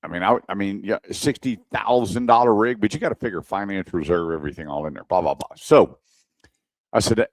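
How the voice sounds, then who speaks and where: Man, low voice, dry studio sound, lively storyteller, radio host. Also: fairly quick, no room sound. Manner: animated storyteller acting out dialogue. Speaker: radio show host, former car salesman. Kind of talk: casual storytelling chat.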